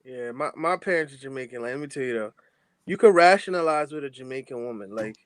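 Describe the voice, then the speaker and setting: A man's voice: mid-range voice, expressive, fast, smooth, no echo. A man chatting casually on a podcast, laughing often in easygoing banter. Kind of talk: casual chat.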